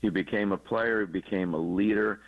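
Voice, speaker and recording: A former third base coach talking baseball on a sports radio show, explaining plays in a relaxed way and chuckling at his own jokes. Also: fairly low pitch, normal speed, no echo. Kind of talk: casual sports radio chat. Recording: dull lo-fi broadcast audio.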